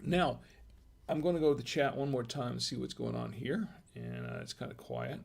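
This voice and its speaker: A man hosting a live-stream wine tasting, chatting casually in a rambling, halting way with self-deprecating humor. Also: medium pitch, huge pitch swings, gravelly, breathy edge.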